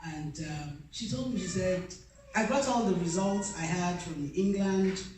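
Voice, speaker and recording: A woman's voice: fairly low pitch, a little slow, darkish tone, slight background noise. A middle-aged woman giving an earnest, emotional personal testimony and acting out the dialogue as she tells it. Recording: very echoey room, mic far off.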